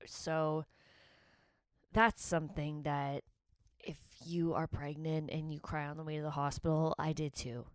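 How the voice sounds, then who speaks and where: Brief: pregnant woman vlogger, lowish voice, candid and rambling, dry close sound. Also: level tone, a little slow, smooth, dry recording. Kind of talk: casual confessional vlog.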